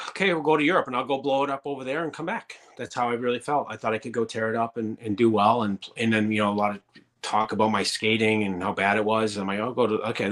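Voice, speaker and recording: A man's voice: on the low side, fairly bright tone. A man in his thirties, a former pro hockey player, telling rambling, profane stories in a casual interview. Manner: rambling and profane, many fillers.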